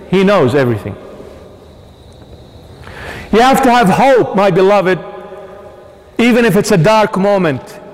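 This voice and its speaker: A bishop delivering an impassioned sermon in a church, emphatic and swinging between loud and hushed. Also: male voice, high voice. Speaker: bishop preaching. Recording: long hall reverb.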